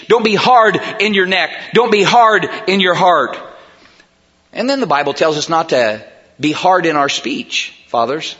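Middle-aged preacher guy, high bright voice, goes quiet then loud, keeps hammering questions, muffled lo-fi recording. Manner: swings from hushed to loud emphatic preaching; repetitive rhetorical questions. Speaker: pastor. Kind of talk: sermon. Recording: dull lo-fi recording.

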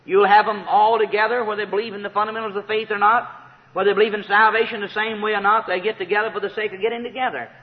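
A man preaching a sermon, emphatic and repetitive, rising to shouted praise. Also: high voice, little pitch movement, fast. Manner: emphatic, repeats key phrases, rises to shouts of praise. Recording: tinny phone-like sound with long hall reverb.

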